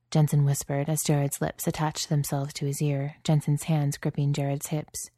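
A woman reading a story aloud in calm, even narration. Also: deep voice, moderate pace, no room sound, clean studio sound. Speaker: audiobook reader.

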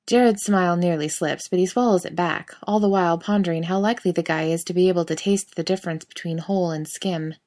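A woman's voice: lowish voice, quick pace, hardly any pauses, darkish tone. A woman narrating a scripted story in a wry, sardonic manner.

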